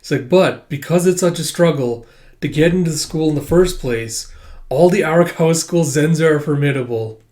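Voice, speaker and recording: A man casually recapping a comic chapter, reading the characters' lines aloud with sudden jumps in pitch and loudness, laughing now and then. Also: moderate pace. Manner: casual and chatty, many fillers. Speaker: manga reader and commentator.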